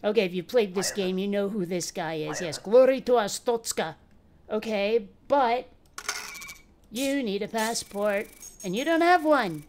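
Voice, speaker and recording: A woman's voice: mid-range voice, unhurried, slight background noise. A woman giving casual let's play commentary, bantering sassily with the characters on screen. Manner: playful, sassy banter with game characters.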